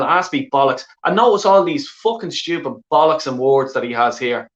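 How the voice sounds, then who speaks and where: An irate Irish football fan vents on a live stream, cursing constantly and repeating filler phrases in exasperation. He speaks at a normal speed with few pauses, in a fairly high, slightly bright voice, and the audio is roomy and dull.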